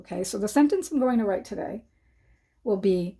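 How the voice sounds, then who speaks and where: Mellow-voiced woman teaching young kids. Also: mid-range voice, animated. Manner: slow, clear dictation for young learners. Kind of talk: children's writing lesson.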